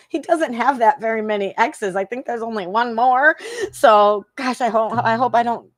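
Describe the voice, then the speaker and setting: A woman's voice: on the high side, measured pace, no echo, clean studio sound. A woman from Michigan, a psychic hosting a live stream, chatting casually and emotionally, laughing often and repeating herself.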